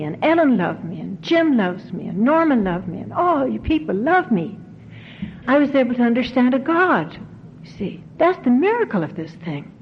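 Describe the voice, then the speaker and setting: Emotional woman doing a recovery talk, repeats herself for emphasis, old tape with a bit of hiss. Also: fairly high pitch. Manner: earnest, repeats phrases for emphasis. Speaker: recovery convention speaker. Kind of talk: heartfelt recovery talk to an audience. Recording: dull 1990s tape, faint hiss.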